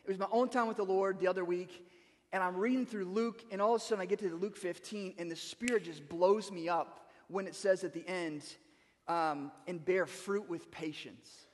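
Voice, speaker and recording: High-voiced pastor preaching in a big hall. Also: male voice, fairly quick. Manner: conversational, animated, repeats words when starting a thought. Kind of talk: sermon.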